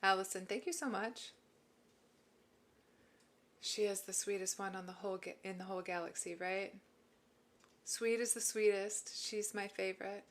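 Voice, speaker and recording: A woman's voice: medium pitch, fairly even intonation, moderate pace, pauses often. Woman, livestream host, emotional, teary, encouraging, answering chat. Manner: warm, encouraging, reads and answers chat messages. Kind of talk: live-stream chat about mental health.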